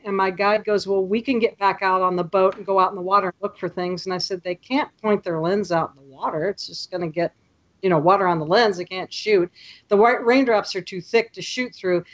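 A woman guest on a podcast, telling lively stories and acting out what people said. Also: mid-range voice, lo-fi sound. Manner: lively storyteller, acts out quotes. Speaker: podcast guest, photography tour leader. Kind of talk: casual podcast chat.

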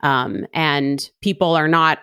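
A woman in a business discussion, explaining her view in a measured, plain-spoken way. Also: sits low, fairly even intonation, fairly bright tone, clear, resonant tone, no room sound, studio quality. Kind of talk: conversational business talk.

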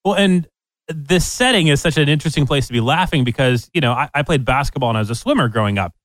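Lively-voiced man co-hosting. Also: mid-range voice, fast, no room sound, low-quality recording. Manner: lively, chuckling interjections. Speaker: co-host. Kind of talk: casual chat.

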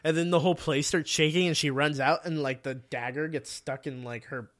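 A man's voice: on the high side, fairly even intonation, a little fast, a bit bright. A man in casual chat, animatedly retelling a comic plot, swearing freely and acting out the characters' lines.

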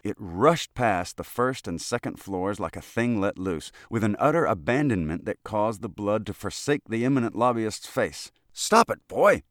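A man narrating a classic short story in a steady, measured way. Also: fairly low pitch, no echo, clean studio sound. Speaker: audiobook narrator.

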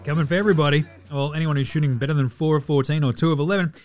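Joking Australian sports podcast host. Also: male voice, fairly high pitch, steady tone, rapid-fire, a little mellow, soft background music. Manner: profane, joking, mimics players in asides. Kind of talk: casual sports chat.

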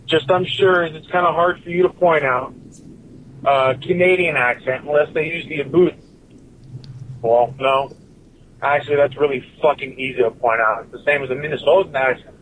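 A man's voice: on the high side, normal speed, fairly bright tone, a little hiss or hum, poor audio. A man giving a profane, rambling rant as a listener's recorded message to a podcast, swearing constantly and drifting from point to point.

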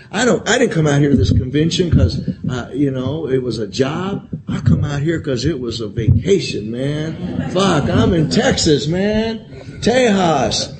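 An unhurried, expressive man with a voice on the high side recounts his recovery openly at a convention, cursing freely, rambling and repeating himself while saying "man" over and over. It's a profane, emotional share. The live convention hall recording is thick with room noise.

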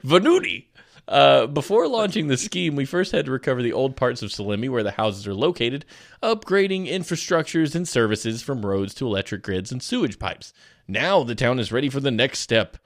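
A man's voice: mid-range voice, animated, brisk. A man co-hosting a podcast, reading a news story aloud and chatting casually, laughing often as he tells stories. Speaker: podcast co-host.

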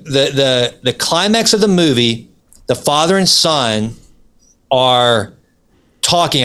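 A middle-aged man with a mid-range voice, co-hosting a casual podcast chat. He tells stories animatedly, building up his retellings with energy. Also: mid-range voice. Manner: animated storyteller. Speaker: podcast co-host.

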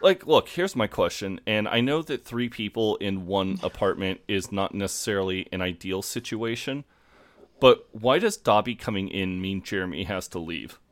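A man with a fairly low voice chats loosely on a podcast, laughing and cursing as he retells a TV episode. His voice sits in a dry, close sound. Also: normal speed, dry recording. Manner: laughing, swearing storyteller who acts out quotes. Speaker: podcast co-host. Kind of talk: casual chat recapping a TV episode.

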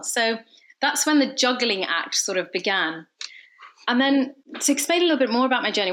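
A woman's voice: mid-range voice, bright, forceful tone. A woman in her thirties from London, a dentist, whose English accent now carries a slight Scottish twang, talking reflectively and earnestly in an interview. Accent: mix of English and Scottish. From London, England. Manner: reflective, earnest, many fillers. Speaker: dentist guest. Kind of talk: conversational interview.

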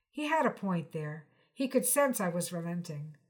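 A woman reading a short story aloud in a measured first-person narration. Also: fairly low pitch, sing-song. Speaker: reader.

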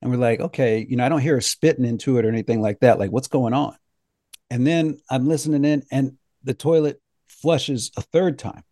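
A man hosting a health talk show, telling a funny story in a joking, animated way. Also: mid-range voice, a little fast, dry recording, studio quality. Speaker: host.

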